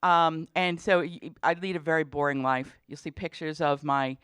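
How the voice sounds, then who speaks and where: A woman's voice: low voice, little pitch movement, normal speed, a bit bright, smooth, no echo. A middle-aged woman, a dean, giving a chatty, humorous talk to parents at orientation, with many fillers. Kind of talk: presentation to parents.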